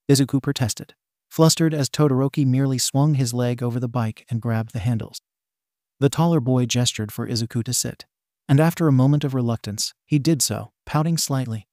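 A man narrating a fan-fiction audiobook in a steady, gentle storytelling manner. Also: medium pitch, fairly quick, no echo, clean studio sound.

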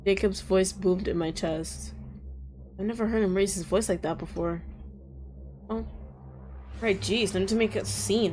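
A woman playing a visual novel, reading its lines aloud and breaking off into loud reactions and laughter. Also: medium pitch, a little slow, pauses often, faint music behind. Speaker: gaming streamer.

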